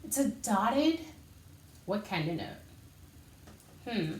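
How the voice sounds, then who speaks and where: Slow-paced woman music teacher, roomy echo. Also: medium pitch, very animated, slight background noise. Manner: counts rhythm syllables aloud while moving; encouraging, patient teacher talk. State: out of breath. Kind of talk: online music lesson. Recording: echoey room, voice from a distance.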